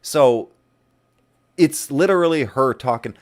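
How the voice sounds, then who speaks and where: A man's voice: mid-range voice, expressive, takes it slowly. A man streaming a game and chatting casually, laughing often and swearing now and then. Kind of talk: casual commentary while gaming.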